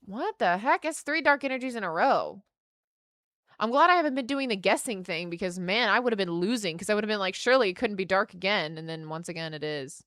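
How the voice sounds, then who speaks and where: A young woman streaming, chatting casually and excitedly as she opens trading cards and speaks warmly to her chat. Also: medium pitch, fairly quick, no echo, studio quality. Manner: excitable, gasps and squeals at good pulls, earnest and affectionate to chat.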